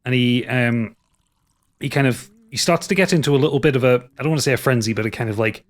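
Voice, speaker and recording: A man running a tabletop game as game master, narrating with lots of stops and restarts over a video call. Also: mid-range voice. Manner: halting, full of restarts.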